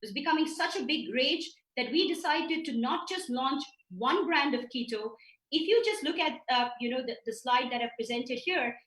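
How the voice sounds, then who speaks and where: A woman's voice: high voice, expressive, moderate pace, a bit bright. A woman founder giving a webinar talk over slides, explaining points in lists with frequent restarts. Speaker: company founder presenting in a webinar. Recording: echoey room sound.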